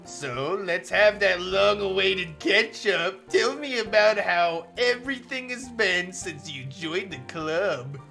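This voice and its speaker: A sweet, doting visual-novel mother, as a male streamer puts her on, drawn-out and soft, with a smile you can hear. The voice sits high and bright and swings up and down, and quiet game music runs underneath. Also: animated, creaky, exaggerated voice. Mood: gentle. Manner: slow, sweet and soft-spoken, reading with a grin. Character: gentle, doting mother of a teenage boy. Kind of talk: reading a visual novel aloud.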